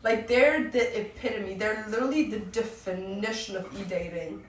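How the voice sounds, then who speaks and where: A woman's voice: mid-range voice, moderate pace. A young woman streamer ranting casually, crude, profane and mocking. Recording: roomy distant mic, faint noise.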